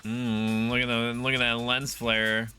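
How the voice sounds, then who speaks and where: A man chatting casually while streaming a video game, swearing freely and joking with his chat. His voice is bright and forward. Faint music plays underneath. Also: medium pitch, little pitch movement, unhurried, clean tone.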